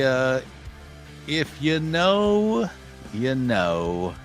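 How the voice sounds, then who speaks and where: A man's voice: fairly low pitch, fairly bright tone. A man hosting a live online show, reading out a list of upcoming events in a rambling, self-correcting way. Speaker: podcast host.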